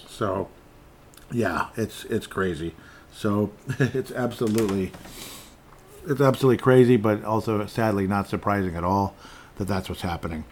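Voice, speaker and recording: A man's voice: on the low side, normal speed, pauses often, a little mellow, a little hiss or hum. A man hosting his own show, talking through news items in a rambling, sarcastic way with many restarts. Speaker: podcast host. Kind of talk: casual political commentary.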